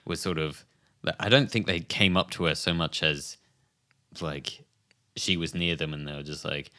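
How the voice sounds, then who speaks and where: A young man co-hosting a podcast, telling a story in a casual, animated way, swearing freely and laughing often. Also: very deep voice, moderate pace. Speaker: podcast co-host.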